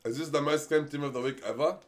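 A young man, with a slightly high voice and a quick pace, streams live while cracking open game packs. He chats casually and excitedly, cursing freely and pleading for good luck.

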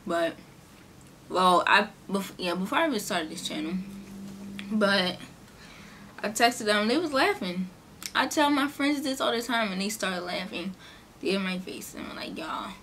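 A woman's voice: unhurried, pauses often, a little hiss or hum. A young woman vlogger, chatting casually through a storytime and acting out the people in it. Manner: chatty, animated, acts out quotes in a higher voice. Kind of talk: casual storytime during a mukbang.

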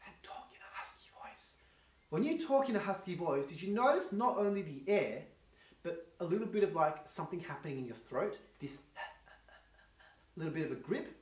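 A man teaching a singing lesson in a quick, chatty coaching manner, demonstrating with vocal sounds. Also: sits high. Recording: roomy echo, faint guitar behind.

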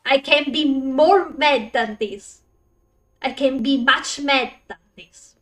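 A woman streamer chatting casually with her viewers while she plays, excitable, laughing often and swearing when frustrated. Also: high-pitched, takes it slowly, distant mic, faint music behind. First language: Italian. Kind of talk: casual live-stream chat while gaming.

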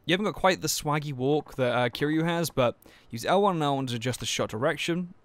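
Here the gamer's voice sits on the high side and moves quickly. He's a young man doing casual let's play commentary, joking around, cursing, and stumbling over restarts in a slightly dry voice.

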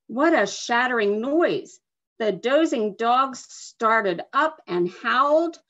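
Woman guest reader, slow expressive storytelling, somewhat high voice, lo-fi video call sound. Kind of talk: reading a picture book to children. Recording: dull lo-fi video call audio.

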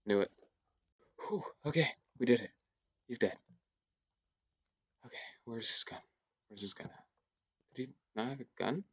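A young man in casual gameplay commentary, thinking aloud in a hushed, often whispered voice, repeating himself as he works things out. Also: mid-range voice, lively intonation, measured pace, pauses often, husky, dry recording. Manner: thinks aloud, repetitive and tentative. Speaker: gaming YouTuber.

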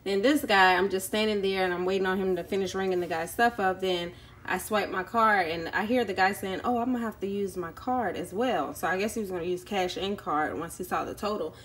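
Speaking fairly quickly in a medium pitch, a woman vlogs casually indoors at home for YouTube. Her long, chatty story has many ums, and she voices the people she encountered.

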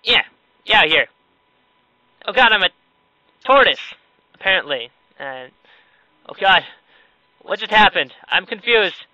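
A man's voice: sits high, expressive, moderate pace, long pauses, sharp tone, dry recording, poor audio. A man giving casual, sarcastic let's-play commentary, exclaiming and joking at the game as he plays. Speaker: gaming video creator.

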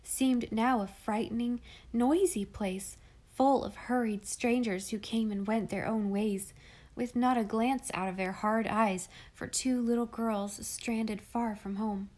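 A woman narrating a classic children's novel in a calm, measured, expressive reading voice. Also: fairly high pitch. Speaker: audiobook reader. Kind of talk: storybook narration.

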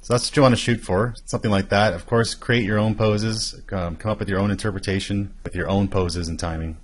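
A man walking through an animation tutorial, explaining each step in a steady way. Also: lowish voice, a little fast. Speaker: animation instructor. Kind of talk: screen-recorded tutorial.

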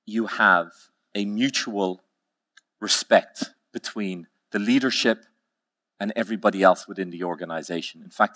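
Male keynote speaker, bright voice, emphatic storytelling with slow repeated lines. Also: fairly low pitch. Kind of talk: conference keynote talk.

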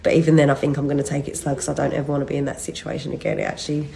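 A woman's voice: low-pitched, level tone, very fast, gravelly, noisy background. A woman in her thirties chatting to her followers on a phone video, rambling and laughing mid-sentence, worn out from a recent illness. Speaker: vlogger updating followers. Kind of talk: casual chat to camera.

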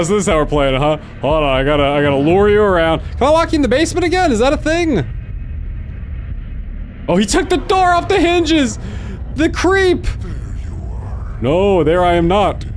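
A man playing a horror video game and commenting as he goes, yelping and laughing at the scares and muttering quietly in between. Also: a little hiss or hum. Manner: jumpy, yelps and laughs at scares, then mutters low. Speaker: gaming video host. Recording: faint game music behind.

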